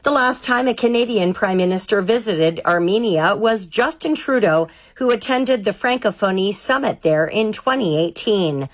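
A woman reading a news report with an even, clear delivery. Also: mid-range voice, normal speed, hardly any pauses.

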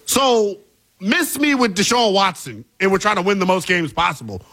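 Male sports talk co-host with a high, lively voice and a playful, opinionated manner. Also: normal speed. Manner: animated, opinionated, playful teasing.

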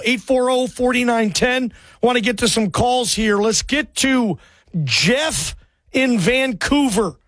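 High-voiced, chummy sports radio host. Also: male voice, dry recording. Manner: energetic, chummy, slangy. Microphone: studio microphone.

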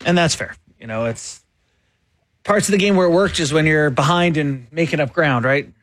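A man co-hosting a sports talk show, making his case in a quick, conversational, opinionated way. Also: on the high side, fairly bright tone, no room sound. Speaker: sports radio co-host and columnist.

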